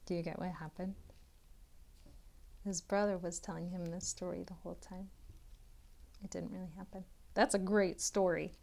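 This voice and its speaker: A woman, a literacy tutor, reading a children's picture book aloud with expressive storybook delivery and chatty asides to young listeners. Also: on the low side, normal speed, gravelly, long pauses.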